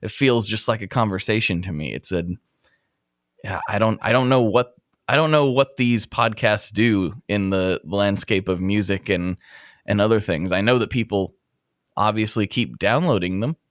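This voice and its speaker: A man's voice: lowish voice, moderate pace, no echo, clean studio sound. A man hosting a casual podcast conversation, rambling and self-deprecating, laughing often. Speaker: podcast host.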